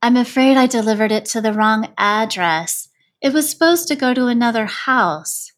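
A woman's voice: a little high, normal speed, natural voice. A woman doing a worried, apologetic postman. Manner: upset, apologetic.

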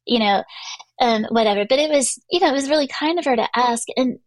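A middle-aged woman hosts her podcast and tells a personal story in casual chat. She fills her talk with fillers and restarts. Her voice sits a little high, and the mic sound is close and dry. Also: fairly quick, no echo. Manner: chatty, many fillers and restarts. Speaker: podcast host.

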